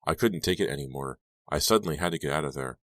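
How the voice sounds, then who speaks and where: A man's voice: very deep voice, fast, fairly bright tone, no echo. A man reading an audiobook aloud as tense first-person storytelling. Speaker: audiobook narrator. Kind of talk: scripted audiobook narration.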